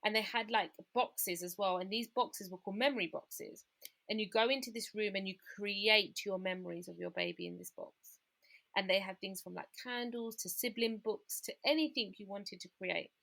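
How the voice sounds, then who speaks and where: A woman's voice: medium pitch, moderate pace, gravelly, fairly bright tone. A woman, a podcast guest candidly recounting a personal story and acting out what her family said. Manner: candid, acts out the voices of family in her retelling.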